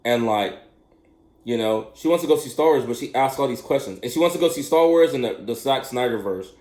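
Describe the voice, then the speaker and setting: A middle-aged man telling a rambling personal story in casual chat, animated and laughing often. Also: fairly quick, echoey room. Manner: animated, laughs often, mimics high questioning voices.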